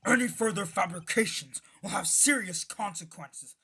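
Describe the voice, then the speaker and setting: A woman's voice: medium pitch, normal speed, sharp tone, breathy edge, full character voice. A woman voicing an earnest young male defense attorney with a formal, firm courtroom delivery. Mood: stern. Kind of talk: voicing a visual novel playthrough.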